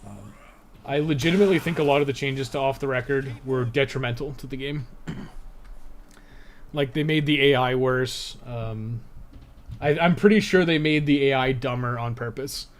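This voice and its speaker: A young man giving casual live-stream commentary over his speedrun at home, thinking aloud with lots of fillers. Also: mid-range voice. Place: home room.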